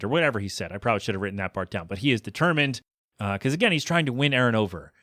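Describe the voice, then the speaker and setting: Animated male podcast host, dry sound. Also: fairly low pitch, racing, no room sound. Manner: animated, acts out characters' quotes. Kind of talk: casual episode recap.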